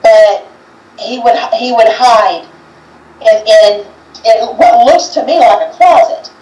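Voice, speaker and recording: A woman with a somewhat high voice talks in a halting, hesitant way, often restarting her sentences. She sounds set back from the mic, and the room around her rings with echo. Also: mellow, recorded from a distance. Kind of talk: casual chat on a livestream. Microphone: video call.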